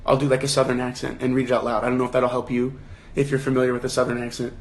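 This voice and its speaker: A man's voice: medium pitch, flat delivery, racing. Young man chatting on a livestream. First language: English. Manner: thinking aloud, frequent restarts and rhetorical questions. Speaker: livestream host leading a book discussion. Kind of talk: casual livestream chat.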